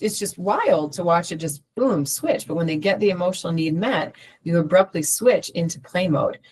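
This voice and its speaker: Low-voiced woman leading a healing group. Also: lively intonation, normal speed, few pauses, a little mellow, husky. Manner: conversational, uses analogies and acted examples. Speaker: group facilitator. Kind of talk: teaching an emotional health group.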